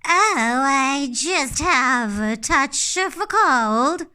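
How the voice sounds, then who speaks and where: A woman voicing a sly male wolf who pretends to be a grandmother, with a croaky, falsely sweet voice. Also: high-pitched, animated, extremely slow, bright, forceful tone, voice pushed up, exaggerated voice. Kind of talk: storybook reading.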